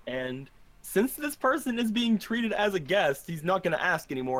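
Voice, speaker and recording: A man playing a tabletop role-playing game, describing his character's actions with halting restarts and speaking in character. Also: on the high side, lively intonation, a bit bright. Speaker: player.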